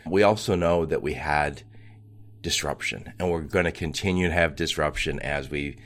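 Very deep-voiced enthusiastic male podcast host. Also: normal speed, fairly bright tone. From United States. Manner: enthusiastic, chatty, laughs often. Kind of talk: casual interview chat.

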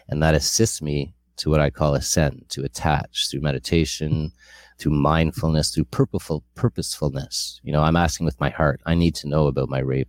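A man's voice: extremely low pitch, a little mellow. A middle-aged man sharing a candid personal testimony, earnest and rambling with frequent restarts.

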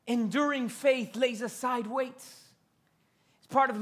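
Male pastor, very high bright voice, fervent, repetitive preaching. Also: fairly even intonation, slow pace. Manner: fervent, repetitive, shifting to whispers for emphasis. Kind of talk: sermon.

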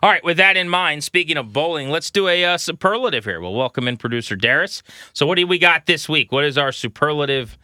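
A man's voice: on the high side, animated, fast, sharp tone, no echo, studio quality. A man in his thirties co-hosting a sports podcast in a casual, joking way. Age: 30s. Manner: joking, playful. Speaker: podcast co-host.

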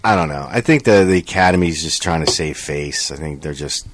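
A man's voice: rumbling low, fairly quick, slight background noise. A young man on a podcast, casually chatting and retelling a funny story, acting out what others said and swearing freely. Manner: animated storyteller, acts out quotes, swears. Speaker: podcast co-host. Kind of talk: casual chat.

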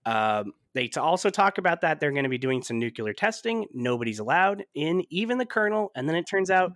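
A man hosting a casual movie-review podcast, animated and laughing often, with plenty of fillers. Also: on the high side, a little fast, no room sound, studio quality. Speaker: podcast host.

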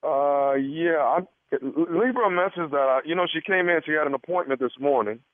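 A man's voice: on the high side, moderate pace, no echo, natural voice. A man on a radio prank call, playing a smarmy doctor who stammers and hints. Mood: sly. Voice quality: stammering, sly, suggestive. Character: smarmy male doctor prank-calling a husband. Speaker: prank caller. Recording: phone-like band-limited sound.

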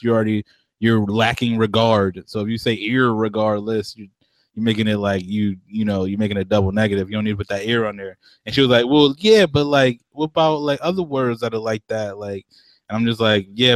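A man's voice: on the low side, flat delivery, a little fast, no echo. A man co-hosting a casual chat, talking in slang, swearing freely and laughing often.

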